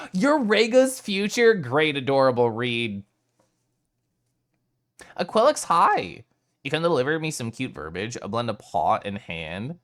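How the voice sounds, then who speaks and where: A man streaming live, chatting casually with his viewers in an animated way and swearing now and then. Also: medium pitch, measured pace, pauses often.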